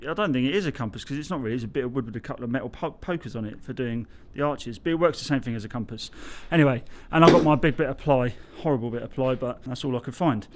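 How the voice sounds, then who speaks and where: A man, chatting casually on an outdoor building site and explaining his bricklaying, often losing his thread and correcting himself. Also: mid-range voice. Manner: chatty, loses his train of thought, self-corrects. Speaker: bricklayer vlogger.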